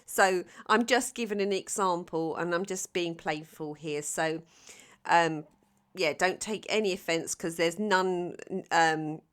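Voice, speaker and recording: A woman's voice: on the low side, a little slow, fairly bright tone. A woman from London with a South London Cockney accent, giving a chatty, playful tarot reading full of ums and restarts. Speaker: tarot reader. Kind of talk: casual tarot reading to camera.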